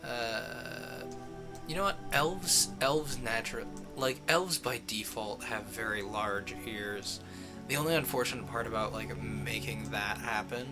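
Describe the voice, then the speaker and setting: Unhurried man streaming a game. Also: on the low side. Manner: rambling, chuckling at his own jokes. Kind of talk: casual gameplay commentary.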